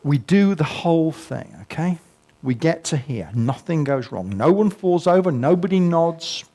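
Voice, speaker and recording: A man's voice: on the high side, expressive, measured pace, dark tone. An older man giving a humorous talk to an audience, telling stories with self-mocking asides and sound effects. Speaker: guest speaker. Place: museum talk before a live audience.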